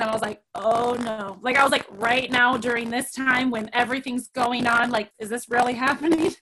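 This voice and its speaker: Telling a story on her podcast, a middle-aged host chats casually and lively, performing the voices of the characters she quotes. Her voice is a little high and fairly quick, and the audio is poor.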